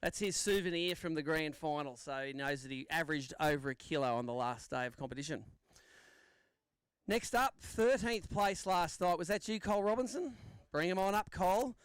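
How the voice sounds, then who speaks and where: A man's voice: fairly high pitch, lively intonation, normal speed, clean tone, dry recording. Upbeat man emceeing a fishing weigh-in. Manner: upbeat, bantering with anglers. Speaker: tournament weigh-in MC. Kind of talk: live event emceeing. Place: outdoor lakeside weigh-in stage.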